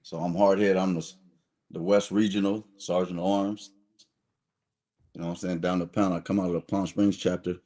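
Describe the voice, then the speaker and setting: A man's voice: deep voice, flat delivery, normal speed, mellow. A man speaking as a guest on a casual podcast, laid-back and repeating himself in street slang. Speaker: podcast guest, motorcycle club officer. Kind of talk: casual interview chat.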